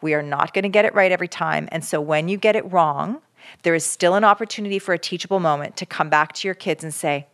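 Female parenting expert, low-pitched, earnest and explanatory. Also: fast. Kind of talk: advice conversation.

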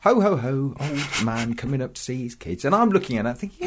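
A man's voice: mid-range voice, a little fast, creaky, hardly any pauses, slight background noise. A middle-aged man chatting casually and telling comic stories, acting out voices as he goes. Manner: animated, acts out voices in his stories. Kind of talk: casual chat, comic storytelling.

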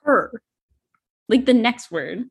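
A woman chatting about a book on a podcast in a slow, drawn-out way. Her voice is husky and breathy. She hedges her points with lots of fillers. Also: fairly high pitch, lively intonation. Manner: unhurried, hedging with fillers. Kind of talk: casual chat.

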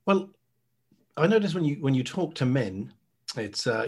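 An Irish man chatting on a podcast, animated and laughing, mimicking other people's voices, a little out of breath. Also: medium pitch, normal speed, breathy edge. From Ireland. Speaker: guest. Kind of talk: casual podcast chat.

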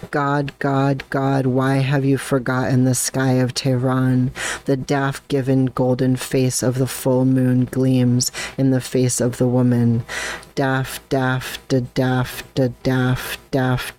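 Podcast host reading poetry real slow, kinda monotone, steady and measured. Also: mid-range voice, clear, resonant tone. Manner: slow, even, measured delivery; hesitant filler-laden introduction.

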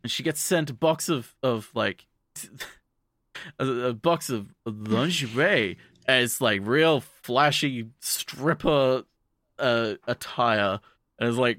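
A man's voice: mid-range voice, slow, fairly bright tone, no echo, studio quality. A man casually recapping an anime episode as a podcast co-host, rambling with many restarts and fillers. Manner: quotes characters in offhand voices.

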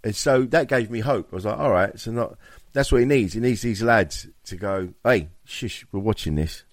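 A man's voice: medium pitch, brisk, no room sound, clean studio sound. A man co-hosting a podcast, easygoing and agreeable, telling anecdotes in casual chat. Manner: easygoing, agreeable, laughs along. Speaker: podcast co-host.

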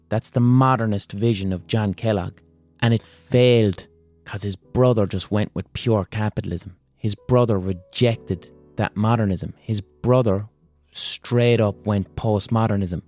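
A man hosting a podcast, delivering a comedic monologue with profane, animated ranting. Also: lowish voice, unhurried, faint music behind. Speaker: podcast host.

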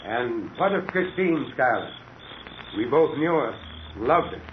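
A man's voice: mid-range voice, very animated, unhurried. A man playing a concerned, patient doctor in a 1940s radio drama, firm and coaxing. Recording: dull old radio broadcast recording with faint hiss.

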